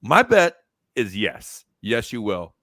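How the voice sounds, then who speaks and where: A man co-hosting a fan podcast, chatting casually and joking loudly with plenty of hype. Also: fairly low pitch, sing-song, takes it slowly, no room sound. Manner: loud, joking, hype-driven. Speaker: podcast co-host.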